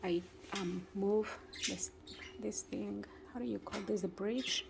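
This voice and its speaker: A woman's voice: mid-range voice, steady tone, slow pace, vocal fry. A woman vlogging about her pet budgies in casual, often searching for words and talking to the birds. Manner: non-native phrasing, searches for words. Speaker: bird-keeping vlogger. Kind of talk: casual vlog narration and talking to pets. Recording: noisy home recording with budgie chirps.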